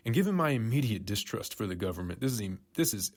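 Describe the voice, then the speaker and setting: A man's voice: lowish voice, sing-song, fast talker. A man hosting a casual news commentary show, rambling and conspiratorial, often correcting himself mid-sentence. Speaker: podcast host.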